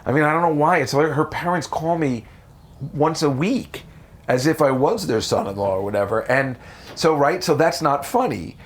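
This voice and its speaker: A man from the United States, a comedian telling stories in a casual interview, animated and profane. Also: normal speed. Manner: animated, profane, jumps into high voices for quotes. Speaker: comedian guest.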